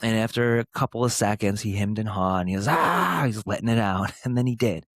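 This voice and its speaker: A man in his thirties talks straight to the listener in an earnest, emphatic podcast monologue. His voice sits low, and the recording is close and dry with no room sound. He lands short, punchy phrases and lets pauses hang between them. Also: steady tone, no room sound. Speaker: podcast host.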